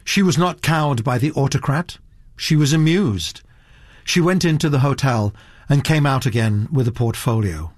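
A man reading a story aloud as narrator, measured and expressive. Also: medium pitch, dry recording, clean studio sound. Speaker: audiobook narrator. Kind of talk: scripted narration.

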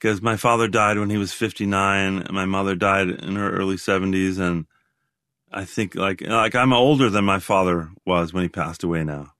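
A man in his sixties, a guest in a reflective interview, talking in a halting, rambling way with many restarts. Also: low-pitched, fairly even intonation, fairly bright tone, no echo, studio quality. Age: 60s.

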